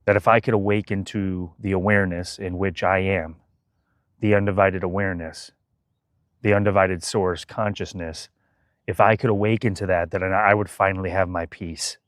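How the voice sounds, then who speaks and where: A man calmly narrating his spiritual journey in a slow, measured, even cadence. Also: sits low, no echo, clean studio sound. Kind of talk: calm reflective narration.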